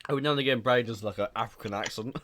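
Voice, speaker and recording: A man's voice: medium pitch, racing, a bit bright, a little hiss or hum. A man hosting a casual podcast chat, rambling and laughing often, swearing casually. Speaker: podcast host.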